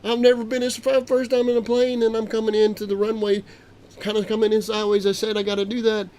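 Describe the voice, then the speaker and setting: A man voicing his older trucker grandfather, telling a wild story loudly and excitedly. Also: a little high, normal speed, lightly acted. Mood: panicked. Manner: loud, excited retelling.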